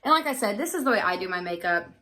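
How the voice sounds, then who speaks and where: Bright-voiced chatty woman vlogger. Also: medium pitch, animated, racing. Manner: chatty, candid, many fillers. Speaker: beauty vlogger. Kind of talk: casual get-ready-with-me chat.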